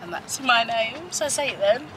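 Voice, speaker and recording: A woman's voice: fairly high pitch, animated, moderate pace, very noisy. A young woman chatting playfully with a friend, teasing and breaking into laughter often. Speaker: friend on the trip. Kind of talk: casual chat among friends.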